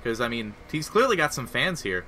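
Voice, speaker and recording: A man casting a live game as host, chatty and animated with the audience. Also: mid-range voice, brisk, slight background noise. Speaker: esports caster.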